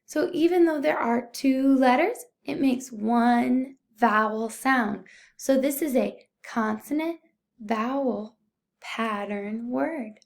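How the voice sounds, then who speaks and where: A young woman teacher giving a recorded phonics lesson to young children, speaking slowly and clearly, patient and encouraging. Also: on the high side. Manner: slow, clear, patient teaching voice, addressing "boys and girls". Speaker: first-grade teacher.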